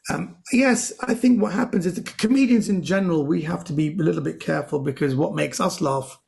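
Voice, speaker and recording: A man telling comedy anecdotes in a podcast interview, lively and full of quoted voices. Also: a little high, brisk, gravelly. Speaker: comedian guest.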